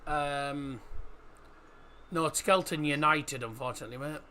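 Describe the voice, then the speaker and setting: A man's voice: a little high, a little slow, pushed and bright, a little hiss or hum. A man with a Yorkshire English accent hosting a football livestream, chatting casually with viewers, thinking aloud and calling them "mate". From England. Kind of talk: casual live-stream watchalong chat.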